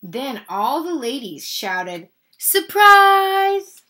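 A woman reading a children's picture book aloud, animated and expressive, speaking to young listeners. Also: fairly high pitch, unhurried. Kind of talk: children's read-aloud narration.

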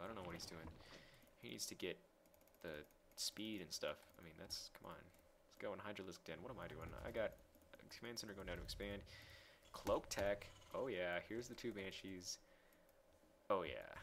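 A young man casually commentating his own game replay, excitable and self-mocking, swearing as he goes. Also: deep voice, a little hiss or hum. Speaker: gameplay commentator.

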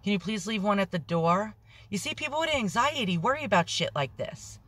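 A woman vlogging on her phone from inside a parked car, rambling anxiously, swearing a lot and talking loudly when nervous. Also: mid-range voice, lively intonation, a little fast. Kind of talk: nervous selfie vlog.

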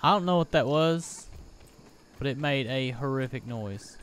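Unhurried young man reacting to a game. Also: mid-range voice, clear, resonant tone. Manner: jumpy, easily startled, talks to himself. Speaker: gaming YouTuber. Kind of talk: let's play commentary.

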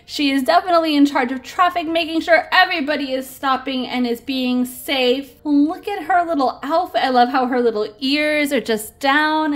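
Gushy woman unboxing toys, high voice, takes her time, lots of giggles. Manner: gushing, giggly, exclaims over cute toys. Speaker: toy unboxing host. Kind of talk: casual unboxing chat.

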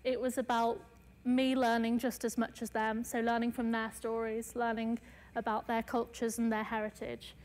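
A woman's voice: fairly high pitch, darkish tone, big-room sound. A woman artist giving a casual lecture, chatty, with many fillers and light self-mocking asides.

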